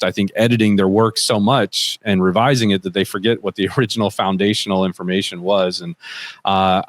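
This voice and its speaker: A man with a lowish voice hosts a podcast and lays out his points fluently and clearly. The sound is close and dry, with no room around it. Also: no echo. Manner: fluent, explanatory. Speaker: podcast host. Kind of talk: interview hosting.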